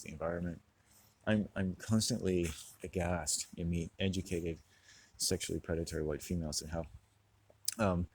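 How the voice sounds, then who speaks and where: A man's voice: sits low, husky, rough recording. A man talking in a rambling, profane monologue, sarcastic and laughing at his own jokes.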